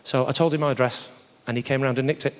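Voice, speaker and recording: A man doing live stand-up comedy, teasing the crowd, with loud punchlines. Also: medium pitch, fairly even intonation, quick pace. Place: large theatre stage with audience. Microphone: stage microphone. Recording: roomy live theatre with audience noise. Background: audience laughter.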